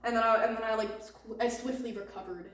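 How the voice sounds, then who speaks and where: A woman's voice: a little high, fairly quick, far from the mic, crowd noise. Giggly young woman in an echoey room. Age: young adult. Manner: giggly, swears a lot, animated storytelling. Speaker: podcast host. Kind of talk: casual chat.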